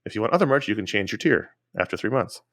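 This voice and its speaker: A man's voice: fairly low pitch, animated, fast, a bit bright, no echo, clean studio sound. A man co-hosting a podcast in a casual, chatty way, running through announcements and listener emails. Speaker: podcast co-host.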